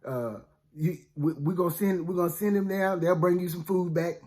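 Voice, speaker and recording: A man's voice: sits high, normal speed, a little mellow. A man retelling a Bible story in first person, in a casual, slangy way with frequent asides to the listeners. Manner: chatty, slangy, with many "you know what I'm saying" asides. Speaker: storyteller for a ministry.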